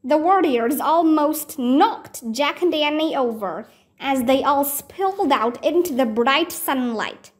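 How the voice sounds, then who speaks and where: A woman whose first language is Vietnamese reads a children's book aloud at a slow pace, her intonation lively. She acts out the characters' lines, raising her pitch for them.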